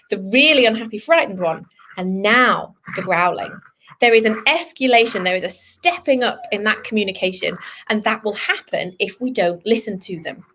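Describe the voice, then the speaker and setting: A woman vet giving an online lesson to children, lively and encouraging, sometimes voicing what a dog is thinking. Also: medium pitch, a little hiss or hum. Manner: lively, speaks to children, voices the dog's thoughts. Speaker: veterinarian teaching children.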